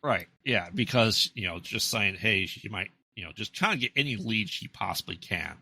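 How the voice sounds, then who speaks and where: A man's voice: on the low side, lively intonation, normal speed, creaky, sharp tone, breathy edge. An American man co-hosting a podcast, casually recapping a horror movie plot with lots of fillers and restarts. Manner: rambling, many fillers and restarts. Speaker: podcast co-host.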